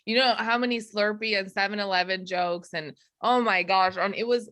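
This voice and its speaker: A woman comedian talking casually in an interview, animated and rambling, laughing often. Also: medium pitch, moderate pace, no echo. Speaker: comedian guest.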